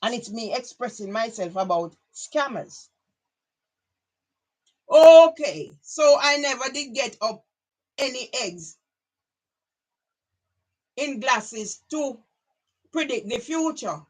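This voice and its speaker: A woman's voice: a little high, expressive, slow pace, long pauses, a bit bright. A middle-aged woman from Jamaica with a Jamaican accent, delivering a rambling personal monologue and sliding between English and patois. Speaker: vlogger.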